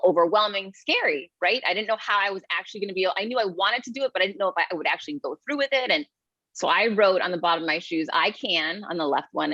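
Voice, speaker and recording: Energetic woman guest, dull dry audio. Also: on the low side, no room sound. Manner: energetic, emphatic, upbeat. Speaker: guest, keynote speaker and author. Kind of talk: podcast interview, motivational storytelling.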